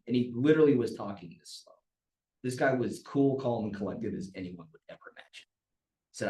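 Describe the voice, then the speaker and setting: A man runs a training talk at a team meeting, chatty and anecdotal, sometimes lifting or dropping his voice to show inflection. His voice sits at an ordinary pitch for a man. The room echoes around him. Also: lively intonation, moderate pace, darkish tone. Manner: conversational storyteller who demonstrates vocal inflection. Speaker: real estate team trainer. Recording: roomy echo.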